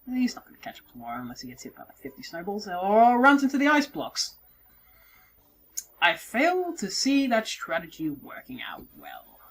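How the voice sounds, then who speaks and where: A woman giving casual, self-mocking let's play commentary, swearing and moving around her mic so her level swings between yelling and mumbling. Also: mid-range voice, wildly swooping pitch, moderate pace, slight background noise. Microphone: desk mic, moves around it while playing.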